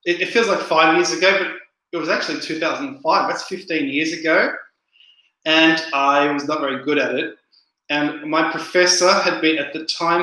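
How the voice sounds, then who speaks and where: Male livestream host, rambling chat with viewer questions, bright, slightly high voice, heavy room echo. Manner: rambling, repeats words, answers viewer comments. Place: indoor room, home livestream. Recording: very echoey room.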